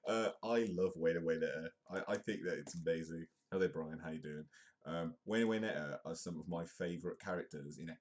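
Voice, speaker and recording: A man's voice: low-pitched, brisk. A young British man hosting a live-streamed comedy news show, chatty and self-mocking, waffling on between topics. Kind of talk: rambling casual live-stream chat.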